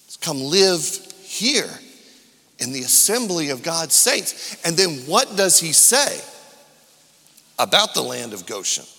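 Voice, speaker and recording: Man, pastor, sermon, slow deliberate delivery, long church reverb. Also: on the high side, very animated, creaky. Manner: rising from quiet reflection to loud calls to the congregation. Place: church sanctuary.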